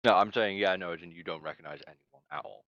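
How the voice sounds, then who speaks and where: A man narrating as game master of a tabletop game, halting and hesitant as he describes scenes. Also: sits low, creaky, fairly bright tone, dry recording, dull audio.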